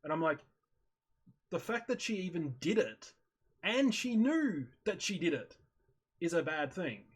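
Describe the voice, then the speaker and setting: Unhurried and pausing often, a man with a husky, slightly breathy voice that runs a bit higher than typical for men tells a story with lively energy. He's a streamer casually recounting a video over voice chat on a headset or desk mic, acting out how he reacted.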